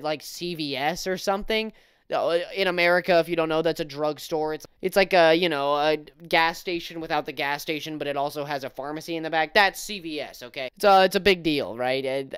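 A man rants through casual commentary, sarcastic and exasperated, circling back with restarts. His voice is smooth and clear, recorded close on a dry mic. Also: fairly high pitch, fairly bright tone, no echo. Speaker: commentary YouTuber.

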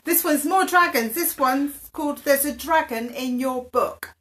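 A woman's voice: sits high, a little slow, fairly bright tone. A woman co-hosting a children's bedtime story live stream, chatting casually with her partner and telling parents what comes next. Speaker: co-host of a children's dance class stream.

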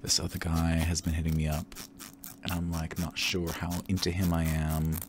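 A man rambling candidly and campily in a relaxed ASMR chat, drifting into soft whispers, tired and a little tipsy. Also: extremely low pitch, moderate pace. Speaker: ASMR creator.

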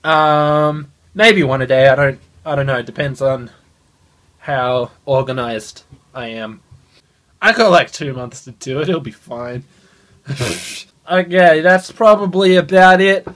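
Young man, gaming vlog, phone at arm's length, excitable, swears freely, fairly high voice. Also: slow. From Australia. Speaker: gaming channel host. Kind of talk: casual vlog. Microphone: phone held at arm's length.

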